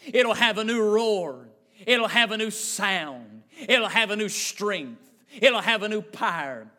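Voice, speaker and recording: A man's voice: high-pitched, normal speed. A man voicing a tearful, determined old man talking about his long-lost car. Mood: tender. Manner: hushed, emotional, determined.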